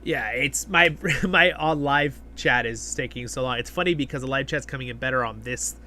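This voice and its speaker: A man's voice: mid-range voice, normal speed, sharp tone, slight background noise. A man hosting a live stream, chatting casually and reading viewer comments aloud, rambling with fillers and restarts. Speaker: livestream host.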